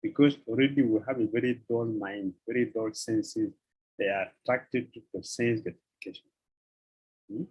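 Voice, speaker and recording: Swami guy, husky voice, lecturing, says things twice. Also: lowish voice, fairly even intonation, moderate pace, lo-fi sound. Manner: repeats phrases, chuckles, uses devotional terms. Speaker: swami giving a scripture lecture. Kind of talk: sermon.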